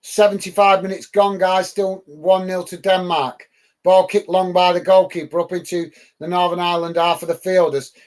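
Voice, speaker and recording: Chatty high-voiced British football host. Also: male voice, little pitch movement, moderate pace. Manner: casual, chatty, frequent ums and uhs. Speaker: host of a football watch-along. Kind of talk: live match commentary and chat with viewers.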